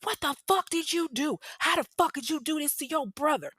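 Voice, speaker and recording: A woman acting out an enraged mother who yells and swears in a piercing, high voice. She interrogates and accuses relentlessly, sharp and loud. The sound is dry and up close. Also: wildly swooping pitch, takes it slowly, no room sound, heavily acted. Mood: screaming. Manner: shrill, yelling, profane. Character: furious abusive mother, screaming accusations.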